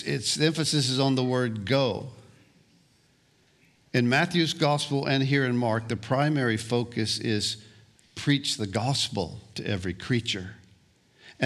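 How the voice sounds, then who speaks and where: A man preaching a sermon as pastor, deliberate and prone to repeating words as he restarts phrases. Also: medium pitch, a bit bright.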